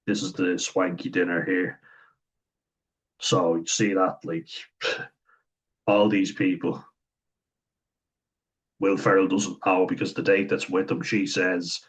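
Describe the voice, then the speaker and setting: A man's voice: low voice, flat delivery, takes it slowly, pauses often, husky, rough recording. An Irish man talking through a series in casual commentary, blunt and chatty, acting out the quoted lines as he goes. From Ireland.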